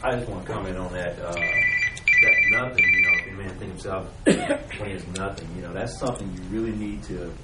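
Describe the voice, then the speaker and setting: A man joining an informal Bible study discussion, halting and repeating himself with many "you know"s. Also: deep voice, far from the mic, heavy background noise. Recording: echoey room, voice from across it.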